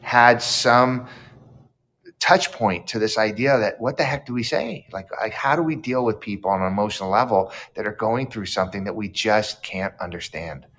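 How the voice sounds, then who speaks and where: A man's voice: fairly low pitch, normal speed, fairly bright tone. A man who is an author guest in an interview, reflective and storytelling, acting out quoted lines. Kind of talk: casual interview chat.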